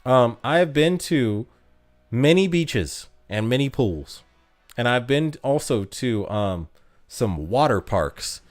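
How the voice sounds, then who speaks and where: A man's voice: mid-range voice, animated, takes it slowly, soft background music. A young man streaming a mobile game, chatting casually with his chat and laughing at himself. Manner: chatty, self-mocking, laughs often.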